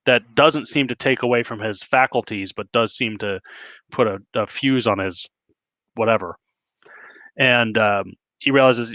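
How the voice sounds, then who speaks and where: Podcast guest, man, lowish pitch, bright forceful tone, long plot-recounting turns. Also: unhurried, no room sound. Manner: talks in long, plot-recounting stretches with fillers. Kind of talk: casual movie review chat.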